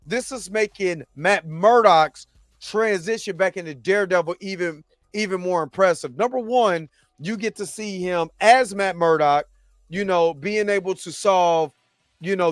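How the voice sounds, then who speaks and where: High-voiced animated man recapping a show. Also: moderate pace, dry recording, studio quality. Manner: animated, acts out characters' lines in his own voice. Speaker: show host. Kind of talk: casual TV recap commentary.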